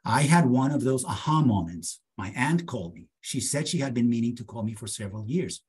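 A man in his late fifties delivers an academic lecture in a husky, slightly breathy voice at a middle pitch. He is measured and deliberate, and he slows his words to stress key points as he walks through case examples. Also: animated, darkish tone. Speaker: psychiatry lecturer.

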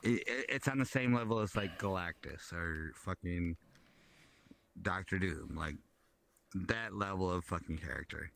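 Deep gravelly man chatting casually. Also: unhurried, a bit bright. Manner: rambling, swears often, talks about comics. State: drinking. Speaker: streamer hanging out in social VR. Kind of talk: casual chat.

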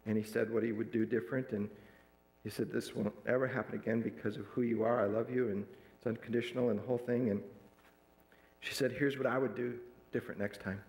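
A man preaching to his church, mid-pitched and ordinary in tone. He tells a story from the pulpit and slips into the voices of the people he quotes. The sound carries the echo of a large room. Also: steady tone, brisk, a little mellow. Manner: retells a counseling story, acting out quoted dialogue. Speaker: pastor. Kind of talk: sermon storytelling. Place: church sanctuary.

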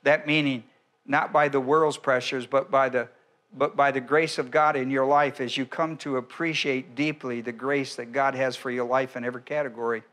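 A male pastor giving a verse-by-verse sermon, speaking deliberately, with frequent restarts and an occasional clearing of the throat. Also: mid-range voice, flat delivery, fairly bright tone.

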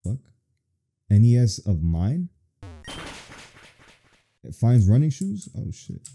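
A man's voice: mid-range voice, very animated, slow, warm tone, a little hiss or hum. A man playing a horror game on video, reacting with crude, profane jokes. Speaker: gaming video host. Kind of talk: let's play commentary.

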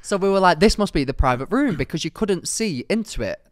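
A man's voice: high-pitched, expressive, brisk, no room sound, studio quality. A young man co-hosting a podcast, telling a long story in casual chat with lots of fillers. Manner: rambling storytelling with many fillers. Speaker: podcast co-host.

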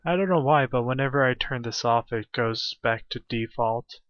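A man talking quietly to himself as he plays a video game, in a self-deprecating manner. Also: mid-range voice, normal speed, no echo. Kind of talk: let's play commentary. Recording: dull lo-fi recording.

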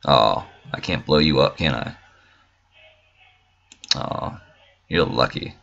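A man's voice: extremely low pitch, slow, creaky, fairly bright tone, lo-fi sound. A man giving casual, profane, joking let's play commentary and talking back to game characters. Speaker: gamer.

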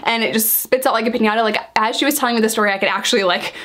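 A woman's voice: fairly high pitch, rapid-fire. A woman vlogger telling candid stories about her time in jail, blunt and slangy, acting out what people said. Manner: frank, animated storytelling that acts out quoted dialogue. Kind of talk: candid storytime monologue.

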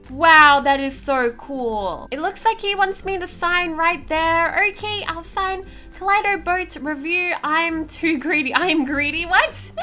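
A young woman hosts a gaming video with casual, excitable commentary, gasping and gushing over what she sees. Her voice sits high and sounds bright and sharp. Faint background music plays under her talk. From Australia. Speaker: gaming channel host.

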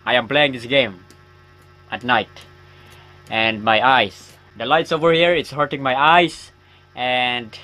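Sharp in tone and medium in pitch, a man rambles through let's-play chat as a gaming YouTuber. Playing a horror game, he jokes about himself in a chatty way and yelps when startled.

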